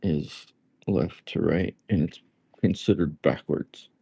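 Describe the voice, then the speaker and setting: A man chatting casually on a livestream from a library, relaxed and halting as he thinks aloud. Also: sits low, gravelly, husky, dry recording. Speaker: livestream host. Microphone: tablet.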